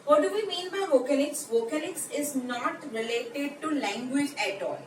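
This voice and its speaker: A woman's voice: high voice, animated, normal speed. A woman from India with an Indian English accent, giving a lecture video and explaining terms step by step. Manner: explanatory, repeats key terms. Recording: echoey room, mic at a distance, background noise.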